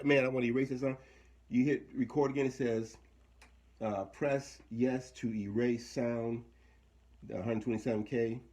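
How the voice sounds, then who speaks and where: A man's voice: fairly low pitch, mellow. A man talking casually through a hands-on equipment demo, thinking aloud and trailing off mid-sentence. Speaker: equipment demonstrator.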